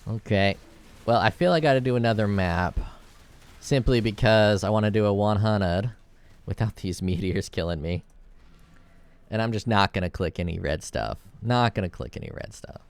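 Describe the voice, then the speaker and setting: A man's voice: on the low side, normal speed, clear, resonant tone. A man giving casual gameplay commentary, thinking aloud as he plays and rambling into jokes with the odd curse. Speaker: gameplay video creator.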